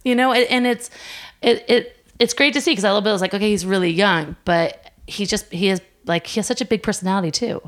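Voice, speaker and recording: A middle-aged woman, a preschool director and interview guest, who tells lively stories, laughs often and acts out what the children say. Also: medium pitch, quick pace. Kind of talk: conversational interview.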